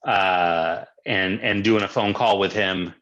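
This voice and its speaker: A man co-hosting a casual chat, quick to agree and prone to rambling restarts. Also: sits low, fairly even intonation, a bit bright, dull audio. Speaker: podcast co-host.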